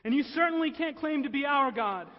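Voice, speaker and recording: A man voicing a crowd of outraged, indignant religious men, with slow, raised, incredulous shouting. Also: extremely high pitch, expressive, voice pushed up. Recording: echoey hall, dull lo-fi sound.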